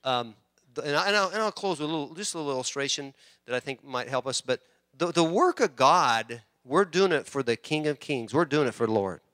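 A middle-aged man preaching a sermon as pastor, swinging between loud emphasis and quiet asides and often repeating words. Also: on the high side, animated, fairly quick, no room sound, clean studio sound.

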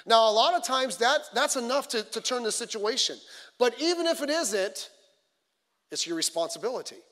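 High-voiced man preaching in a hall. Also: moderate pace. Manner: conversational, animated storytelling with acted quotes. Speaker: pastor. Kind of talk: midweek sermon. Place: church sanctuary. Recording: long reverb of a church hall.

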